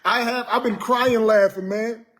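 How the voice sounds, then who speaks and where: A man's voice: extremely high pitch, fairly even intonation, a little slow, a bit bright. A man ranting to his viewers on a live stream, exasperated and joking, repeating himself and tacking on "man". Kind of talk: casual live stream rant.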